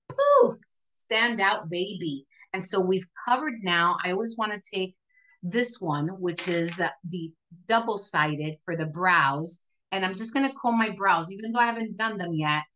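A woman's voice: lowish voice, bright, forceful tone, poor audio. A woman hosting a live makeup tutorial, chatty and encouraging, talking viewers through each step as she works. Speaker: makeup demonstrator.

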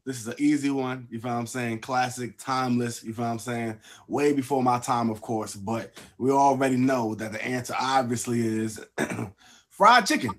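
A woman taking part as a game contestant, giving slow, confident, drawn-out answers. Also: a bass voice, a little hiss or hum. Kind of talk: casual group game chat.

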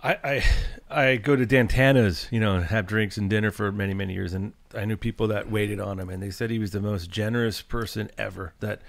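A man hosts a podcast interview in a slightly low voice. He talks in a loose, chatty way, with pauses and fillers. The sound is close and dry. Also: fairly even intonation, vocal fry, no room sound. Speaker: podcast host. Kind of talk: casual interview chat.

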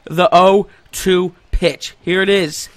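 A young man giving loud, excited commentary on a baseball video game, shouting at the big plays. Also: high voice, takes it slowly, noisy background. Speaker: gaming YouTuber.

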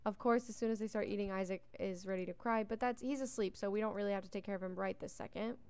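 A woman's voice: mid-range voice, fairly even intonation, quick pace, darkish tone, clear, resonant tone, no echo. A young woman giving casual, chatty gameplay commentary as a let's play host, talking to the characters on screen and yawning often. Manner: chatty, talks to the game characters. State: yawning a lot.

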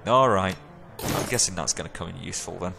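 A man's voice: low voice, brisk, gravelly, noisy background. A man voicing a wry male runner in a video game, with a dry delivery. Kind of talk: reading a video game's dialogue aloud.

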